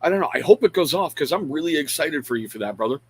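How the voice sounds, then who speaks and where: On a rough-sounding recording, a middle-aged man runs a loose, meandering live stream, talking quickly in an expressive, slightly high voice with a breathy edge. He's blunt and jokes at his own expense, stopping mid-sentence to welcome viewers by name.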